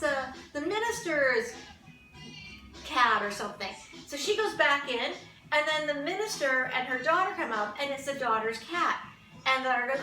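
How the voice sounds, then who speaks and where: Chatty high-voiced lady telling a story, echoey room, a bit far from the mic. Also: brisk, soft background music. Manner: chatty, animated, swears casually, acts out quoted voices. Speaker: vlog host. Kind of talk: casual storytelling monologue.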